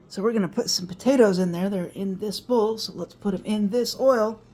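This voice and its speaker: A woman's voice: medium pitch, a little fast, hardly any pauses, mellow, slight background noise. A middle-aged woman chatting in a folksy way as she cooks in her home kitchen, with reminiscing asides. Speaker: home cooking vlogger. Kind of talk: casual cooking vlog.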